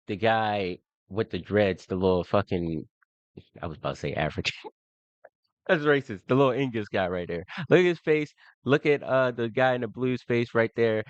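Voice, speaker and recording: A man's voice: on the low side, no room sound. A man talks over a clip he is watching, swearing freely and sounding exasperated. The sound is dry and a little muffled, like a stream capture. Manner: crude, exasperated, laughing at the clip. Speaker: streamer reacting to a debate clip. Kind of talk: casual reaction commentary.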